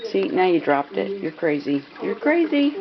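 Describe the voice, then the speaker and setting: A woman's voice: medium pitch, big pitch swings, normal speed, a crowd in the background. An older woman talking to her pet bird in sing-song, repetitive baby talk, cooing and coaxing it, in a home with running water behind. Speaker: pet owner. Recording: muffled lo-fi home video, loud running water.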